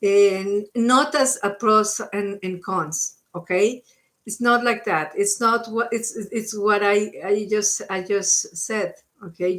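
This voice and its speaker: A woman's voice: mid-range voice, a bit bright. A woman doing live-stream psychic card readings, giving coaching advice and often checking in with the listener. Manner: coaching, checks in with frequent "okay?"; switches between English and Spanish.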